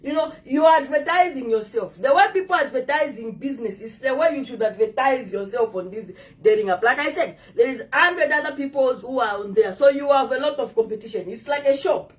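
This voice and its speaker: A woman with an African English accent talks straight to her viewers, giving direct dating advice and coaxing them along with pet names. Her voice sits fairly high. She is recorded from a short distance off the mic. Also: lively intonation, brisk, few pauses. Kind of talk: casual advice monologue.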